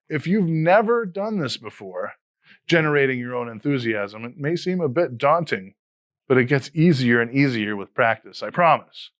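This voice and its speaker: In a dry recording, a man with a slightly high voice speaks earnestly to fellow teachers. He's a fifty-something educator and podcast host delivering a scripted motivational talk at a measured pace.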